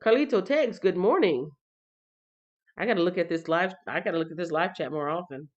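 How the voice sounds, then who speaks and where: A woman's voice: on the low side, a little fast, highs cut off. A woman hosting a casual livestream Bible reading, chatting straight to her viewers. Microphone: computer or phone mic on a livestream.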